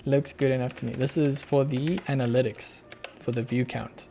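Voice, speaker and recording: A man's voice: medium pitch, flat delivery, normal speed, hardly any pauses, dark tone, a little hiss or hum. A young Australian man on a casual live coding stream, muttering to himself as he works and chuckling now and then. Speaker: streamer, app developer.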